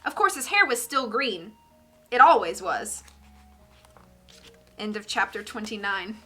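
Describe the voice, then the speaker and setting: A woman streamer reading a children's book aloud, lively and doing character voices. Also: mid-range voice, measured pace, faint music behind.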